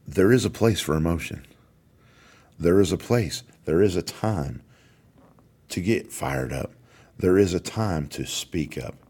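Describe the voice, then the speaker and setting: A man's voice: rumbling low, a little mellow, husky. A middle-aged man, hosting a podcast and giving an emphatic motivational talk that repeats its key phrases. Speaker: podcast host, corrections warden.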